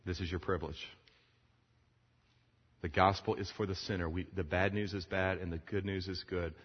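A man with a fairly low voice preaches a sermon to a room of pastors. He tells a story animatedly and acts out its characters as he goes. The sound is dull and lo-fi, with a long reverb trailing through a large hall. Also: moderate pace, slightly rough. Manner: animated storytelling, acting out the dialogue.

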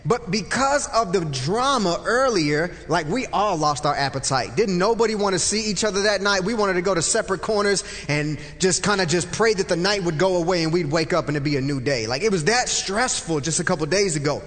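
A man in his forties with a high voice shares a faith testimony, telling it as a vivid story that swings from loud and excited to soft and hushed. His voice rings out with a long reverb, as in a large hall. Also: fairly quick, hardly any pauses. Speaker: speaker telling a personal testimony.

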